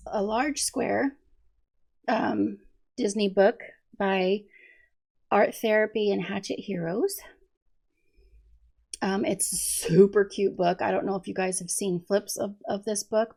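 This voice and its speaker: Slow, gravelly-voiced woman coloring host. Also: medium pitch, darkish tone. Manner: chatty, many ums, giggles often. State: hoarse from allergies. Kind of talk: casual coloring chat.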